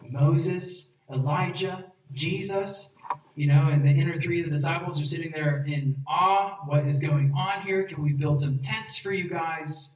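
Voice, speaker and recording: An earnest pastor preaching with emphatic pleading and a rather high voice for a man. He is recorded from a distance in a roomy, echoing space, so the sound is reflective rather than close. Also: a little slow. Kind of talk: sermon. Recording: echoey room, voice from far off.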